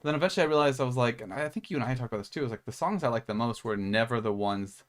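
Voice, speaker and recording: A young man talking loosely on a podcast, his thoughts wandering as he piles up filler words and casual swearing. His voice sits at an ordinary pitch for a man. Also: animated, racing. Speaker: podcast co-host. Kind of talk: casual chat.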